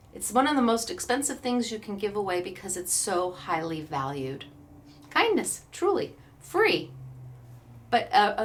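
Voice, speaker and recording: Bubbly, chatty woman host with a higher voice. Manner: bubbly, chatty, laughs often. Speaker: craft store host. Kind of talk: casual chat to online viewers.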